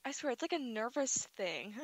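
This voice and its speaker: Breathy lady host talking slow, voice goes up and down a lot. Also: high voice, very animated, no room sound. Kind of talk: casual radio chat.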